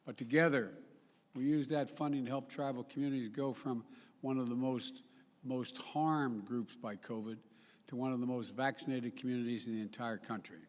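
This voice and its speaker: Older male politician, mid-pitched, rambling formal speech, live in a reverberant hall. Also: fairly even intonation, moderate pace, darkish tone, slight background noise. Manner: rambling, self-correcting, folksy asides. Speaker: head of state giving a speech. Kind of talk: formal public speech with ad-libs.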